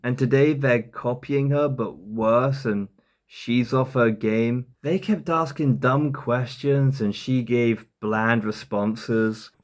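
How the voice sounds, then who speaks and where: A man's voice: mid-range voice, slow. A man delivering sarcastic, mocking commentary on a podcast clip for a comedy video. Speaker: commentary YouTuber.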